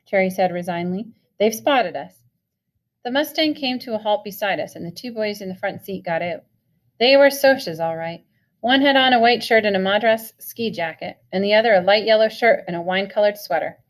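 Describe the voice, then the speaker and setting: A woman reading a novel chapter aloud in a steady, expressive way. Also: mid-range voice, brisk. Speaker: reader.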